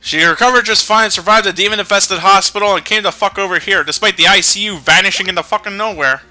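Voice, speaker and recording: A man's voice: sits high, fast talker, pushed and bright, soft background music. A man commenting casually on a video game he plays, joking, swearing and explaining game mechanics. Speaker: let's play commentator.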